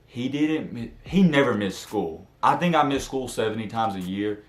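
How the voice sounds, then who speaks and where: A young man telling a casual storytime, slangy and animated, acting out what friends said. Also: mid-range voice, moderate pace, roomy sound. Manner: animated, slangy, acts out quotes.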